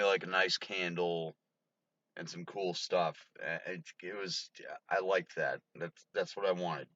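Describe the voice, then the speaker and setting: Deep-voiced drunk man rambling. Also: takes it slowly, pauses often, pushed and bright, dry recording. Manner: rambling, profane, laughs often. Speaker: vlogger. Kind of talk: rambling storytelling to camera. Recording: dull lo-fi recording.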